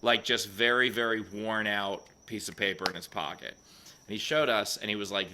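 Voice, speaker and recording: A man co-hosting a comedy podcast, telling an animated anecdote in casual chat. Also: fairly low pitch, normal speed, background noise. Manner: animated storyteller, laughs often.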